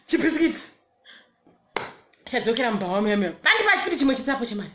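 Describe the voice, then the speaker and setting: A young adult woman with a Zimbabwean accent tells a personal story in casual storytime style. She is animated, laughs often and repeats words. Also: a little high, fast talker, pauses often.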